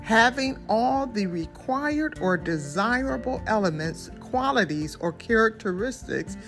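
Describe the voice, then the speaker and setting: A woman's voice: fairly high pitch, expressive, measured pace, a bit bright, faint music behind. A woman preacher delivering a sermon in a fervent, emphatic way, repeating key phrases. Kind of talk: sermon with sung worship opening.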